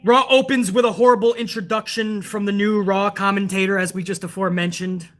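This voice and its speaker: A man with a bright, forward voice rants through a casual live stream, profane and exasperated. He mocks what he watched and swears freely, talking straight into a desk mic. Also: sits high, steady tone, fairly quick. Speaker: wrestling show reviewer, live streamer.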